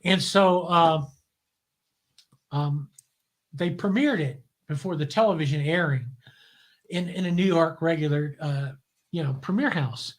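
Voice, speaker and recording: A man's voice: on the high side, measured pace, pauses often. Older male guest, wry cynical storyteller, loose conversational delivery with frequent restarts. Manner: relaxed anecdotal storyteller, wry and cynical, repeats words as he restarts. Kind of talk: casual interview storytelling.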